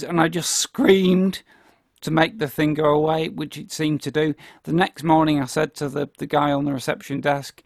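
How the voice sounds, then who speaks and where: A man co-hosting a chatty podcast tells his story with lively energy, breaking into laughter as he goes. His voice sits a bit high for a man and has a gravelly, creaky edge. The sound is close and dry, with no room echo. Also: normal speed. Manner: animated anecdote-telling, laughs often. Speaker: podcast co-host. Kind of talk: casual chat, storytelling.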